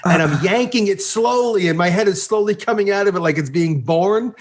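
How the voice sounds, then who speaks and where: A man with a somewhat high voice spins casual anecdotes as a podcast guest. He tells them with lively energy, swears freely and slips into the voices of the people he describes. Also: a little fast, a little hiss or hum. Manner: animated, swears freely, acts out the people in his stories. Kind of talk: casual storytelling.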